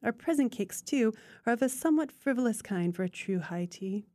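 A woman's voice: on the high side, expressive, brisk, warm tone, dry recording, lightly acted. A woman reading the lines of a formal, opinionated elderly mother who pronounces judgments. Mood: holding forth.

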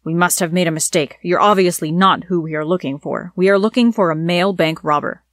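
A woman voicing a brisk, formal male FBI officer in a told story. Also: fairly low pitch, a bit bright, no echo, studio quality, natural voice.

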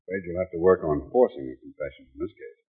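An actor playing a matter-of-fact police sergeant in a 1940s radio drama, plain and businesslike. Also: male voice, sits low, quick pace, husky. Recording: tinny old radio broadcast.

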